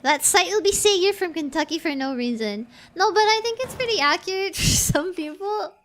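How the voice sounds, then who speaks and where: A woman's voice: very high-pitched, expressive, normal speed, fairly bright tone. A woman with a Filipino accent, chatting casually with viewers while streaming a game, rambling and restarting her phrases as she thinks aloud. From Philippines.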